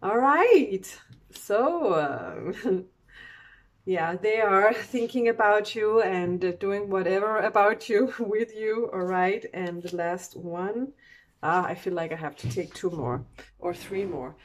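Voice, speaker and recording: A woman reads oracle cards in a relaxed, chatty way. She speaks at an unhurried, drawn-out pace, circling back on her thoughts and breaking into soft little laughs along the way. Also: mid-range voice. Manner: slow, meandering, with frequent soft laughs. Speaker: oracle card reader. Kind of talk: casual spiritual card reading.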